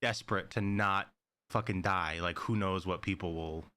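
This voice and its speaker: A man's voice: low-pitched, fairly even intonation, moderate pace, pushed and bright, clean tone. A man co-hosting a podcast, casually recapping a horror movie with lots of fillers and profanity. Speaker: podcast co-host.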